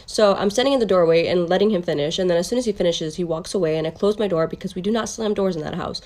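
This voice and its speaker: A woman's voice: on the low side, quick pace, darkish tone. A young adult woman telling a personal story in a casual, candid way, swearing freely and quoting people as she goes. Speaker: storytime creator.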